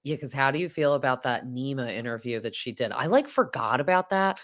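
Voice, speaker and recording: A woman in her thirties hosting a casual chat, animated, laughing often and jumping into high-pitched impressions. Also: a little fast. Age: 30s. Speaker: podcast host.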